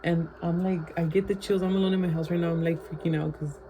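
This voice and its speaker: A woman's voice: fairly low pitch, fairly even intonation, fast talker, warm tone, a little hiss or hum, low-quality recording. A woman vlogger at home telling a rambling storytime, full of fillers and slipping Spanish phrases into her English. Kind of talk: casual storytime.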